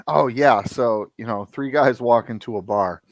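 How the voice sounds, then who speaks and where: A man in his forties co-hosting a live stream, laid-back and halting, laughing often. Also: mid-range voice, no echo. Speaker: podcast co-host. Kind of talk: casual live-stream chat.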